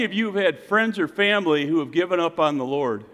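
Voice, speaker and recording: Male pastor, sermon, slightly high voice, big echoing hall; alternates loud emphatic calls with hushed low asides. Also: lively intonation, a little fast, hardly any pauses. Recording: reverberant hall.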